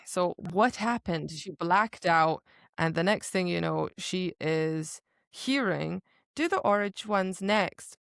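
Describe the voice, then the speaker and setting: Woman, book podcast co-host, gravelly voice, dry close mic, animated, exasperated, swears freely. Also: fairly low pitch, no room sound. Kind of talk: casual book discussion.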